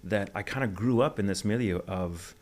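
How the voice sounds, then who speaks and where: A man in his forties from Texas with a neutral mid-Atlantic accent, telling his family story in a relaxed, articulate interview. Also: on the low side, moderate pace. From Texas, USA. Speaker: interview guest, voice actor. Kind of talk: casual interview chat.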